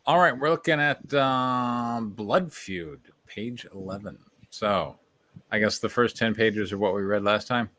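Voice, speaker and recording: A man's voice: fairly low pitch, unhurried, pushed and bright. A man in a casual script workshop who steers the reading with loose, joking asides. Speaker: workshop participant.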